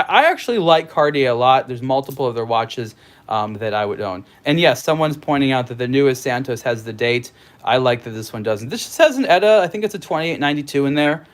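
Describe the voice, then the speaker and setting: A middle-aged man hosting a casual livestream from home, reading viewer comments and rambling as he thinks aloud, with many restarts. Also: on the high side. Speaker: host.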